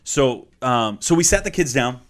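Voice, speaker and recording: A man in his thirties, a guest minister, sharing a personal story in an earnest, heartfelt way that often drops to a hushed tone. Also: medium pitch, animated, moderate pace. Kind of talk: conversational storytelling.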